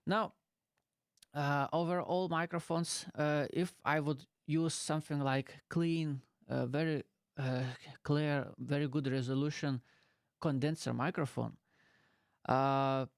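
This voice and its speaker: A YouTuber speaking in halting, non-native English in a casual explainer vlog, recorded in a small bedroom on a close dynamic mic. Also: male voice, a little high, steady tone, vocal fry, clean tone, dry recording. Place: small bedroom with pillows piled around. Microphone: close dynamic studio mic.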